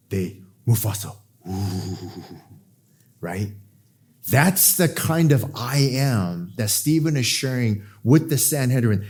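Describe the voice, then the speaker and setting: Animated preacher acting out scripture voices. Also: male voice. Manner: animated, acts out scripture voices with sudden pitch jumps; drops to a soft, hushed voice for emotional moments. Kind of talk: expository sermon.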